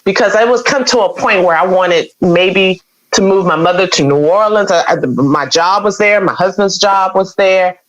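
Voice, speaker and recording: A woman's voice: medium pitch, normal speed, hardly any pauses. A woman guest on an interview show, telling a personal story in a candid, conversational way. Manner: candid, conversational, with many quoted exchanges. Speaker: radio program director, podcast guest. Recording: dull, dry sound.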